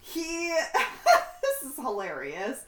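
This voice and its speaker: Young woman, co-host, candid profane storytelling, a bit high, echoey room. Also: huge pitch swings, very slow, fairly bright tone. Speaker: podcast co-host. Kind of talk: casual chat. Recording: roomy echo.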